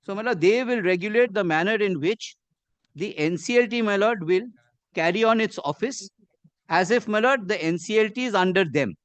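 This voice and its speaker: High-voiced Indian English advocate in court. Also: male voice, no echo. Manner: measured and deferential, says "my lord" constantly. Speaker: advocate arguing before a judge. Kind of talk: formal courtroom argument.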